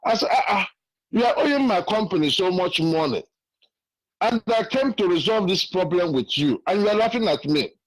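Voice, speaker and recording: A caller from Imo State, Nigeria, phones a radio program to share a testimony, speaking earnestly in a Nigerian accent and repeating himself. His high-pitched, expressive voice moves at a moderate pace, captured roughly over the phone with no room sound.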